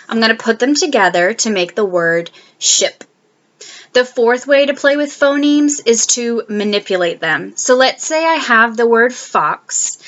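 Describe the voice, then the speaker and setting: A woman teacher explaining a lesson in a clear, deliberate way, sounding out speech sounds and checking in with "okay?". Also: mid-range voice, bright, forceful tone, muffled recording. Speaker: teacher presenting a course lesson.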